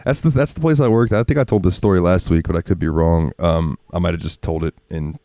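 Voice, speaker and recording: Man, very low voice, dry close mic; rambling, profane podcast storyteller who laughs often. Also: quick pace, mellow, no echo. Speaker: podcast co-host. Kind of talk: casual storytelling chat.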